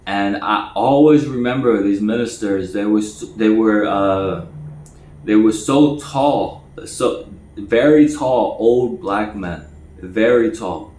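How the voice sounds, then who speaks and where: Male storyteller, casual, stammering and repeating himself, slightly low voice, roomy echo. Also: slow. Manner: stammers and repeats words, acts out quoted voices higher and louder. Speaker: storyteller recounting his past. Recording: echoey room.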